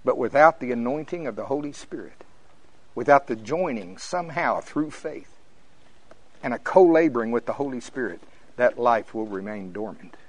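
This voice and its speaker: A man's voice: moderate pace, no echo, rough recording. Fervent older preacher man. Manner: fervent, preachy, rising to high excited peaks when telling stories. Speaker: pastor. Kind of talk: sermon.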